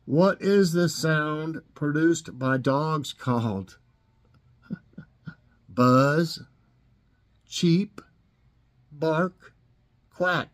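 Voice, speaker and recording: A man's voice: a little high, drawn-out words, pauses often. A middle-aged man with a Southern US accent, casually reading trivia questions and joking about the silly answers with plenty of chuckles. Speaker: host.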